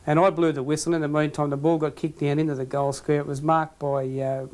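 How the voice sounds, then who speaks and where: A man's voice: fairly high pitch, little pitch movement, quick pace, a little mellow. A man with an Australian accent, a former football umpire, telling anecdotes in an interview and laughing at his own stories.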